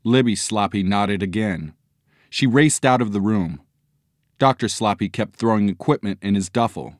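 A man narrating a children's story in a measured, expressive audiobook reading. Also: on the low side, dry recording, studio quality.

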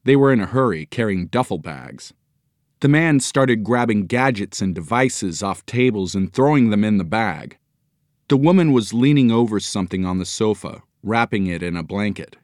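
Male storybook narrator, low voice, dry close mic. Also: animated, normal speed, no room sound.

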